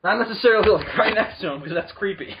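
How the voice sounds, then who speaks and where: A man's voice: high-pitched, quick pace, lo-fi sound, background noise. A man co-hosting a casual comedy podcast, swearing freely and tripping over his words. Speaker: podcast co-host.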